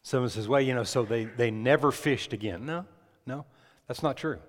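A pastor delivers a sermon in a mid-range voice at normal speed, his words echoing around a reverberant hall. He preaches emphatically and puts questions to the congregation.

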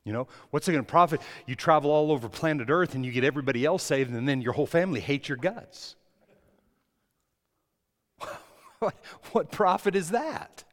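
A man preaching a sermon as pastor, swinging between soft words and loud, impassioned stretches. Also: fairly high pitch, animated, normal speed, pauses often, big-room sound. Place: church.

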